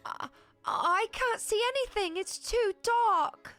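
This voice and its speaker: A woman voicing a frightened young male ghost student who is afraid of the dark and cries as he talks. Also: extremely high pitch, slow pace, soft background music, voice pushed up, heavily acted. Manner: sobbing, timid.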